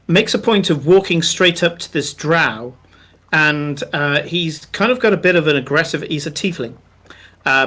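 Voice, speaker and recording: A man running a tabletop game, narrating scenes in a slow, unhurried way. His voice is bright and sits a bit high for a man, and he fills pauses with plenty of ums and uhs. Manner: descriptive, unhurried, many fillers. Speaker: game master.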